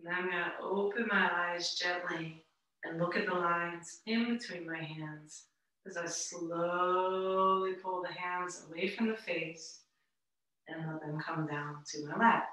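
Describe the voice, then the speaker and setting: A woman yoga teacher giving calm, gentle, step-by-step breathing instructions. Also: fairly low pitch, measured pace. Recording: roomy echo, mic at a distance.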